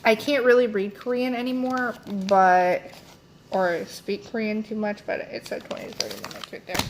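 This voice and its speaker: A woman's voice: mid-range voice, steady tone, moderate pace, slight background noise. A young woman chatting casually as she unboxes beauty products, rambling with lots of fillers and self-corrections. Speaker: beauty vlogger.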